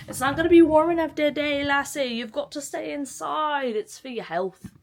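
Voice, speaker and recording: Bossy sing-song caretaker lady fussing at a pet, a woman doing the voice, higher and louder. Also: moderate pace, vocal fry. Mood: scolding.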